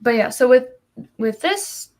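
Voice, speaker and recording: A woman's voice: high-pitched, expressive, a little slow, a little mellow. A woman comic artist talking casually on a livestream, explaining her process with many ums and you-knows.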